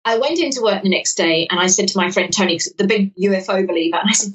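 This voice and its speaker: A woman from the south-west London area of England, a lottery winner, is a guest on a casual podcast interview. She talks fast in a mid-range voice, telling animated stories, acting out quoted dialogue and often restarting. The distant mic gives her a dull sound.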